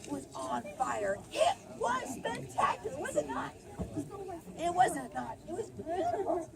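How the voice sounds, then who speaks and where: High-voiced animated woman park ranger. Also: unhurried, creaky, over a noisy crowd. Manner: animated storytelling, shouts out lines. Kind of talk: spirited outdoor ranger talk. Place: outdoor amphitheater at sunset. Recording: noisy outdoor camera audio.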